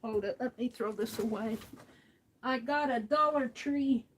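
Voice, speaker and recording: A woman hosting a craft stream, talking casually to herself as she works, often trailing into soft near-whispers. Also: a little high, unhurried, slight background noise, poor audio. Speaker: craft livestream host. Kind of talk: casual craft talk while working.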